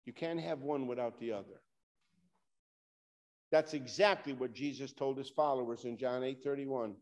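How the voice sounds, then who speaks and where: A man's voice: medium pitch, normal speed. A man preaching a sermon, talking straight to his congregation with rising and falling emphasis. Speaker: pastor.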